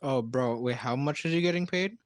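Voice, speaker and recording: A man's voice: mid-range voice, a little fast, slight background noise. Joking male tabletop player. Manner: joking, slangy interjections. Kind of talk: casual tabletop game chat.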